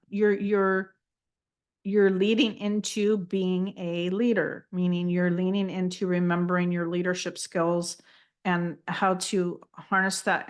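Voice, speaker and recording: Passing on messages in a live channeled spiritual reading, a woman speaks in a lowish voice. Her manner is soft and affirming, and she often says phrases more than once.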